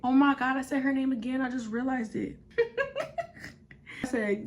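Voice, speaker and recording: Blunt, animated young woman telling a story. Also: high-pitched, normal speed, long pauses. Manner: animated, blunt, heavy swearing. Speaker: vlogger. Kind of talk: casual storytime vlog.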